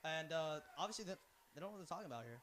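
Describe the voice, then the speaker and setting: A teenage male student doing color commentary for a school lacrosse game, rambling off topic and bursting into shouts at big plays. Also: on the high side, very fast, a little hiss or hum. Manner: rambling and excitable, prone to tangents and sudden shouts. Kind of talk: student sports broadcast commentary.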